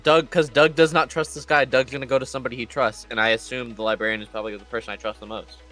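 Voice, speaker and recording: A man playing in a tabletop game, talking casually with animated, sarcastic banter. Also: mid-range voice, fast talker, soft background music. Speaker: player.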